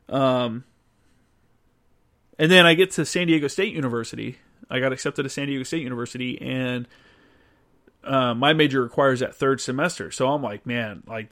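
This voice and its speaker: A man's voice: mid-range voice, fairly bright tone. Male host, casual and profane storyteller, loose delivery full of restarts. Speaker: podcast host answering listener questions.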